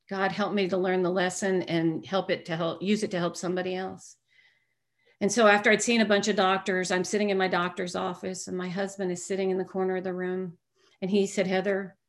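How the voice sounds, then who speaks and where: Woman, recovery speaker, lively storyteller who does the voices in her anecdotes. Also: lowish voice. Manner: animated storyteller who acts out quoted voices. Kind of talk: personal recovery talk to an audience.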